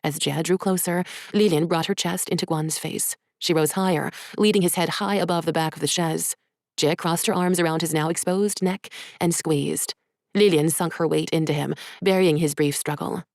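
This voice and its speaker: A woman, an author, reading her own short story in soft, measured, hushed narration. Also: deep voice, fairly even intonation, gravelly, no room sound, clean studio sound.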